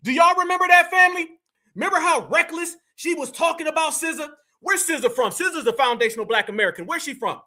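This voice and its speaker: A man's voice: very high-pitched, quick pace, bright, forceful tone. A man giving opinionated commentary to his viewers, emphatic and full of slang, often calling them fam and y'all. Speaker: online commentator.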